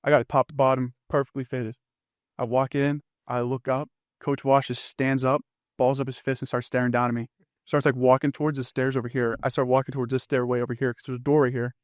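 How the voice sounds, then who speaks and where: A man's voice: mid-range voice, flat delivery, no echo, studio quality. A young man, a football team captain, telling stories in casual chat with lots of fillers. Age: young adult. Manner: fast storytelling with lots of fillers.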